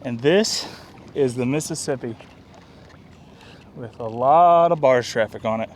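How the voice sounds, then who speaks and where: A man's voice: medium pitch, a little slow, a little hiss or hum. A man vlogging casually outdoors beside a river. He speaks plainly and often repeats himself. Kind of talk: casual outdoor travel vlog.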